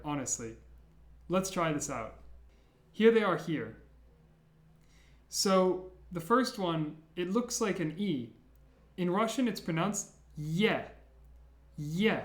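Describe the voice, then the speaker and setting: A man teaching a beginner language lesson, patiently repeating each sound slowly for learners. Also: sits high, reverberant.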